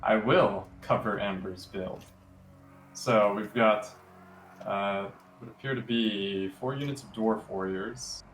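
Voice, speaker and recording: A man co-casting a strategy game tournament, breaking down an army build in a monotone, even delivery. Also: fairly low pitch, takes it slowly. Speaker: co-caster. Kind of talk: esports game commentary. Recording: echoey room, faint background noise.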